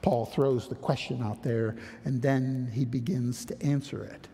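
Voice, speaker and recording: A man's voice: mid-range voice, fairly even intonation, unhurried, mellow, husky. A man preaching a sermon, emphatic, asking rhetorical questions and answering them. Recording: reverberant hall.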